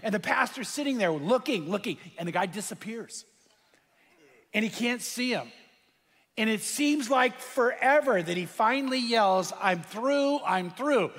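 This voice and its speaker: A man's voice: very high voice, fairly bright tone. A man preaching a sermon, telling a story vividly and repeating phrases to build tension. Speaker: pastor. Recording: long reverb of a large hall.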